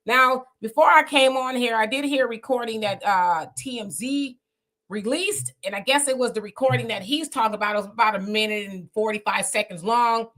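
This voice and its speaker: A woman with a bright, forceful voice sitting a little high hosts a casual live stream. She talks in a chatty, opinionated way and laughs easily as she comments. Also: fairly quick. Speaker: livestream host.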